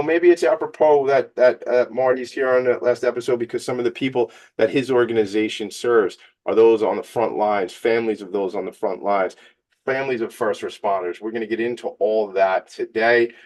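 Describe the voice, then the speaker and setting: A man's voice: mid-range voice, fairly quick, darkish tone. A man hosting a radio show, fired up, joking and motivational. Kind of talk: energetic radio monologue.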